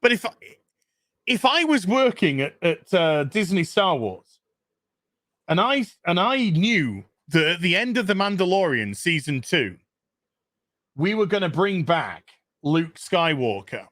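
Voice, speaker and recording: A man hosting a casual commentary show from his kitchen, ranting in an animated, sarcastic way and swearing freely. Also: high voice, a little slow, no echo, studio quality. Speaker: show host. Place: home kitchen.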